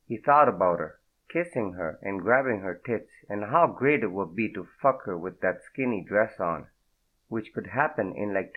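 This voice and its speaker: A male audiobook narrator with a fairly low voice reads at a steady, unhurried pace. The sound is thin and narrow, like it comes over a phone line.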